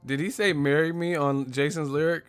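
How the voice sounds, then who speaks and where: Animated, laughing man on a live chat. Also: fairly high pitch, moderate pace, clear, resonant tone, faint music behind. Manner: animated storytelling, laughs often, acts out movie lines; profane, slangy. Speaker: host of a live boxing stream. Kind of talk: casual live-stream chat.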